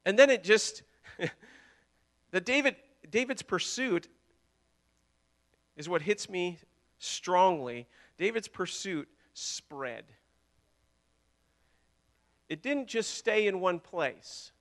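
A man preaching from the pulpit with a high, bright voice. He delivers the sermon with passion, repeating his words and moving from ringing declarations down to quiet, intimate lines. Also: animated, drawn-out words, long pauses. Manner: impassioned, repeating words, swinging between loud and hushed. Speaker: pastor.

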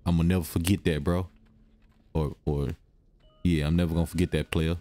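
A young man giving excitable, slangy commentary while playing a video game, talking to himself and hushing when the game gets quiet. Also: sits low, a little fast. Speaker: gaming video host. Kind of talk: let's-play commentary.

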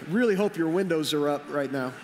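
A man preaching a sermon as pastor, earnest and hoarse from being sick, repeating phrases for emphasis. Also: fairly high pitch, quick pace, big-room sound, slight background noise. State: hoarse from illness.

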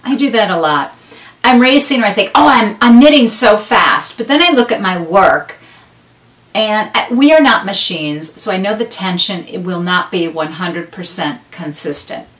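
A woman's voice: mid-range voice, lively intonation, moderate pace, a bit bright, far from the mic. A middle-aged woman hosting a knitting podcast, chatting casually and rambling with self-deprecating asides. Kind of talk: casual chat to camera. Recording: roomy sound, a bit off mic.

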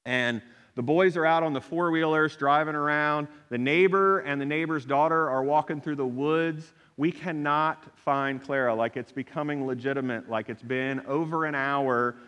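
A middle-aged man preaching a sermon, telling a personal story in an animated way and acting out the people he quotes. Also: fairly high pitch, normal speed, clean tone. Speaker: pastor. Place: church sanctuary. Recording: long hall reverb.

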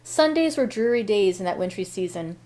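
A woman hosting a library read-aloud, reading a novel in a steady, unhurried way with small self-corrections. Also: mid-range voice.

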